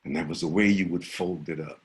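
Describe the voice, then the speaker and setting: An older man telling a personal story vividly, swinging from loud to hushed. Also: deep voice, fairly even intonation, brisk. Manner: vivid, dramatic, shifts between loud and hushed.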